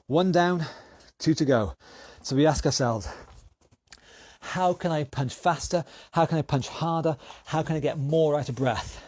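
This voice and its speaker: Man coaching a workout, energetic, counting down rounds, slightly high voice, dry close sound. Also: no echo. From United Kingdom. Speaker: fitness instructor. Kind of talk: online exercise class instruction.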